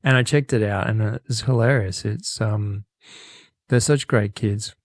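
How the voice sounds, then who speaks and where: A man's voice: lowish voice, unhurried, dry recording. A man co-hosting a podcast, casually reading out a listener's email with lots of restarts and laughter. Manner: rambling, laughing, self-correcting. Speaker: podcast co-host. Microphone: studio microphone.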